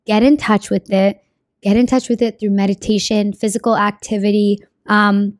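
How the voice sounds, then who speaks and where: A young woman giving a casual motivational talk about her own story, energetic and slangy, swearing freely and acting out what people say. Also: medium pitch, normal speed, no echo, clean studio sound. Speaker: speaker sharing a personal story.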